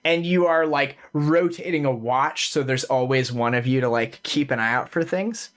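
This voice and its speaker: A man's voice: medium pitch, normal speed. A man narrating and running a tabletop fantasy game as game master, in a casual way with many fillers.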